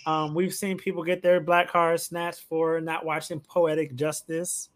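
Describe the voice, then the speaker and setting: A man hosting a casual podcast interview, playful and animated, with eager interjections. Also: on the high side, a little slow. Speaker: podcast host.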